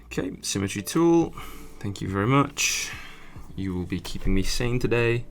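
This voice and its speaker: A man's voice: fairly low pitch, animated, normal speed, a little hiss or hum. A young man chatting casually while he draws, muttering and swearing as he gets frustrated. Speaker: artist streamer. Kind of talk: casual drawing commentary.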